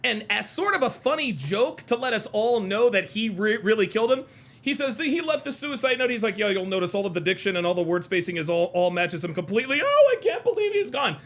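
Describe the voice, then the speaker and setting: A man hosting a reaction video, talking in an animated, mocking and profane way and repeating himself for emphasis. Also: sits high, fast. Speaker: host reacting to clips. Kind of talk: reaction commentary.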